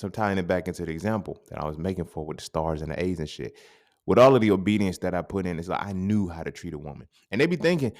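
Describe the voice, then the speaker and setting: Animated, profane man with a low voice. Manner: animated, profane, swings to sudden loud outbursts. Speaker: podcast host. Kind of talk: casual monologue.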